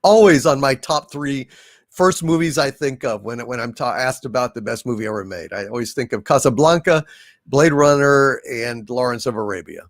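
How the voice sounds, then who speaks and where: A man hosting a casual live stream, reading out viewer messages and now and then slipping into recited verse, song and impressions, with a halting way of talking full of fillers and restarts. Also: medium pitch, no room sound, clean studio sound. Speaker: livestream host.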